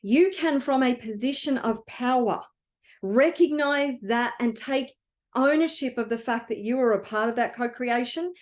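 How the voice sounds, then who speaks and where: A woman's voice: fairly high pitch, a little slow. A woman wealth coach giving an earnest, emotional motivational talk, telling a story to her viewers.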